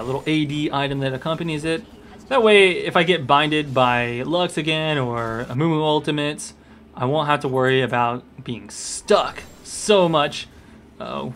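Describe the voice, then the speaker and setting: An upbeat young man talks through his own video game match in casual commentary, his voice sitting a little high. He gets excitable at the big moments and chats along with fillers, hiccuping here and there. A faint hiss of noise runs underneath. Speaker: gaming commentator.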